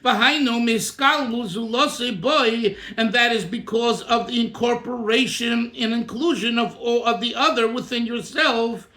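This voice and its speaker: A man's voice: very high voice, unhurried, few pauses, bright, forceful tone, echoey room. A man, a rabbi, teaching a text by reading Hebrew lines and explaining them in English. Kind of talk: Torah class, reading and translating a text.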